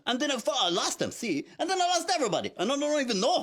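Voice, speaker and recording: A man presenting a comic children's TV sketch, excitable and full of exclamations. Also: very high voice, racing.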